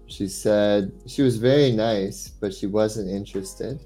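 A man's voice: fairly low pitch, measured pace, dark tone, soft background music. A young man, a guest English tutor, chatting casually and telling stories in a rambling way, full of "like". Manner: rambling storytelling, filled with "like". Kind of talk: casual chat.

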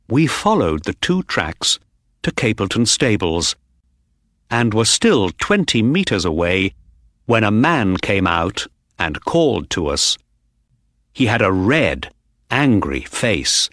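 A man narrating a story for learners in a slow, clear storytelling manner. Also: on the low side, very animated, a bit bright, dry recording, studio quality. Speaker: audiobook narrator.

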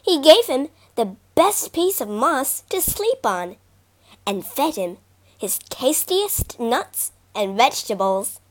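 High-voiced woman reading kids fables, slow and expressive. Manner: expressive, animated. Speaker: storyteller. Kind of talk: storybook reading.

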